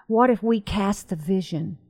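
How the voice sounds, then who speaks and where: A woman co-hosting a Christian talk show, telling a story in an animated, emphatic way. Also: mid-range voice, measured pace. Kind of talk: conversational faith talk.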